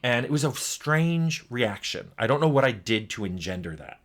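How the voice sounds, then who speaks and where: A man's voice: medium pitch, normal speed. An older man telling personal stories in a casual, conversational way, acting out bits of dialogue as he goes. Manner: conversational, lively retelling with quoted dialogue. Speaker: game developer talking to camera.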